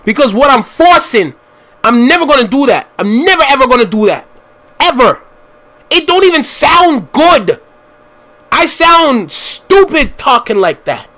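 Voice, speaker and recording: A man's voice: very high-pitched, bright, forceful tone. A man from Canada with a slight Toronto accent, hosting a reaction channel and talking emphatically, often repeating a line for stress. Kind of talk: casual reaction commentary.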